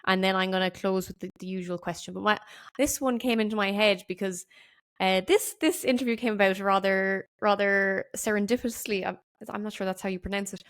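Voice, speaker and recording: A woman's voice: mid-range voice, fairly even intonation, brisk, smooth. A woman hosting a podcast interview, talking in a rambling, enthusiastic, casual way. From Ireland. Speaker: podcast host.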